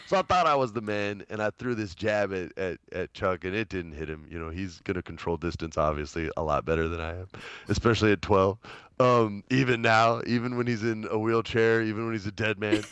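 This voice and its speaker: A man in his late thirties from New Mexico telling an animated story in a casual interview. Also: lowish voice, a little fast, clear, resonant tone, no echo, muffled recording. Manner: animated, chatty, uses lots of fillers. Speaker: guest, actor.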